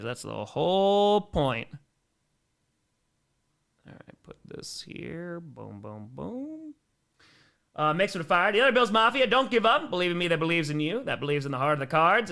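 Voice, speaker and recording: Gravelly-voiced man chatting on a livestream. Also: fairly high pitch. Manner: chatty, reads viewer messages aloud, animated outbursts. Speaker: livestream host. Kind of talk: casual live stream chat.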